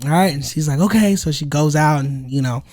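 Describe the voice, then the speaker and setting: A man's voice: fairly high pitch, fairly quick. A man co-hosting a podcast, chatting casually and telling stories with lots of laughter and acted-out voices. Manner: animated storyteller, laughs often and acts out voices. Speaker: podcast co-host. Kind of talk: casual chat.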